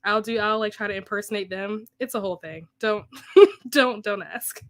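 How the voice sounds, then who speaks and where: A woman hosting a live reading session, chatting easily with her audience between timers. She laughs often and pokes fun at herself. Her pitch sits right in the middle for a woman. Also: normal speed. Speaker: booktube host reading chat comments. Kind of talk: casual live-stream chat.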